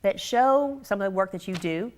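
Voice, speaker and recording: A woman's voice: medium pitch, animated, normal speed, darkish tone. Woman hosting a university interview show. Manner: friendly, leading questions, brief affirmations. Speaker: host.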